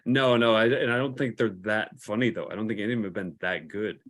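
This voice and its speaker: Low-voiced laid-back male cohost. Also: fast, fairly bright tone. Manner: laid-back, hesitant, laughs often. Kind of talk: casual live-stream chat.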